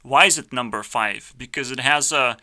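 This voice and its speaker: A man's voice: mid-range voice, normal speed, bright, forceful tone. A man giving live reaction commentary as a YouTuber, ranting brashly and swearing in a mock-arrogant way. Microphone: headphones on, desk mic.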